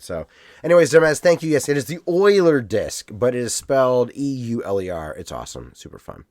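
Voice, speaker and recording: Man, podcast co-host, casual chat, lively pitch swings, rambling, dry close mic. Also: a little fast, no echo. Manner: animated, rambling, swears casually.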